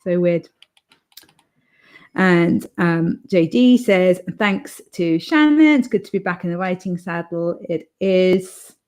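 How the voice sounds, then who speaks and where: A woman's voice: lowish voice, steady tone, slow, a little mellow. A young woman hosting an author livestream, chatting casually and reading viewer comments aloud, rambling with fillers and restarts.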